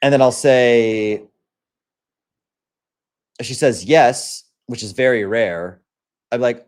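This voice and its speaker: A man's voice: mid-range voice, slow, long pauses, darkish tone. A young man hosting a livestream, talking bluntly and crudely in a casual rant, often acting out the lines of other people. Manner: blunt and profane, acts out quoted lines. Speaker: livestream host.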